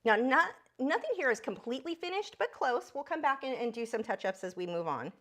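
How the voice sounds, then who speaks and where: A woman's voice: very animated, fairly quick, fairly bright tone. A woman giving a chatty live drawing lesson, breaking off now and then to talk to her pet bird. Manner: high squeaky voice when talking to her bird. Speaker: art instructor.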